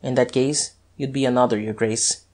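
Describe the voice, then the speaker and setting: A man doing a husky, guarded detective. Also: steady tone, normal speed, darkish tone, lightly acted. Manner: low, guarded, terse. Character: Guerchard, tense, husky male police detective.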